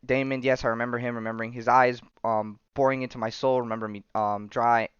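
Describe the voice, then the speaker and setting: A man's voice: medium pitch, level tone, fast, clean tone, no echo, close to an everyday voice. A man voicing a frightened young woman with amnesia, clinging to her lover, in a plain, lightly raised delivery with a slightly muffled sound. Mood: anxious.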